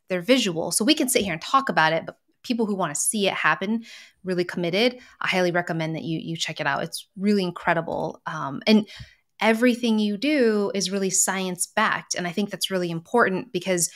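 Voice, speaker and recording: Female host, lower register, enthusiastic casual talker. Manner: enthusiastic, chatty with fillers. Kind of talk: casual interview talk.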